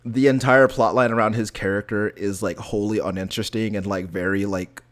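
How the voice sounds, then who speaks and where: A man's voice: fairly low pitch, steady tone, a little fast. A man co-hosting a podcast, chatting casually about video games and rambling with lots of filler words. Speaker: podcast co-host.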